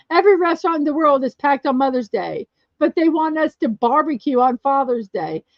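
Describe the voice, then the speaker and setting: A chatty woman hosts a casual live show, trading stories with viewers and laughing often. Her voice sits a little high. The sound is dull and lo-fi, with a dry, close feel. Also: lively intonation, moderate pace, dry recording. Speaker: livestream show host. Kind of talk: casual chat reading viewer comments.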